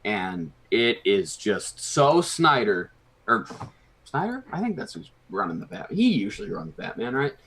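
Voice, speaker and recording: A man chatting casually as co-host, relaxed and hesitant, with many ums. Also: fairly low pitch, a little slow. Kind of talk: casual chat.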